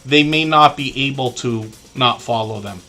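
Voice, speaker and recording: A man's voice: mid-range voice, normal speed, sharp tone, soft background music. A man hosting a live stream, talking casually and earnestly to his chat with many fillers and asides.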